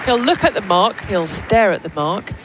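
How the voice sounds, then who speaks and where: A woman's voice: mid-range voice, expressive. Woman calling tennis play-by-play. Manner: brisk play-by-play, teasing banter. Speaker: tennis commentator. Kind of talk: live sports commentary. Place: commentary box at a tennis stadium. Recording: noisy outdoor venue background.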